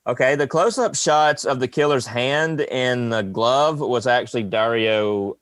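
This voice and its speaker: A man's voice: medium pitch, a little slow, fairly bright tone, dry recording. A man with a Southern US accent co-hosting a film podcast, laid-back and a little hesitant as he reads out trivia. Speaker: podcast co-host. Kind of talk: casual film podcast chat.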